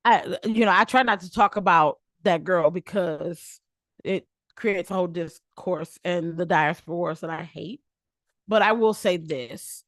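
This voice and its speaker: Young woman from detroit, casual podcast chat, animated storytelling, dry close mic. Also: on the low side, measured pace, no room sound. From Detroit, Michigan, United States. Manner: animated storyteller who acts out quoted voices. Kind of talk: casual conversation.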